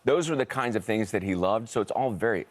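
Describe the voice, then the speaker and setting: Laid-back American actor telling a story. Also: male voice, lowish voice, a little fast. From United States. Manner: relaxed storyteller, many restarts and acted quotes. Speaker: actor guest. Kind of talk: casual TV interview chat. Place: TV studio.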